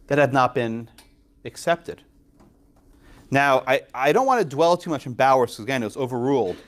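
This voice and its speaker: A man lecturing a law class, quizzing students and tagging points with quick questions. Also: mid-range voice. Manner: lively, quizzes students, frequent tag questions. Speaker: law professor.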